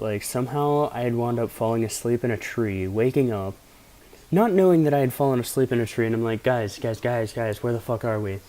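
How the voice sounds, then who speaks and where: A man's voice: medium pitch, dark tone. Laid-back young man telling stories. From Pennsylvania. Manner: rambling, profane, laid-back anecdotes. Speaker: vlogger. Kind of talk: casual storytelling.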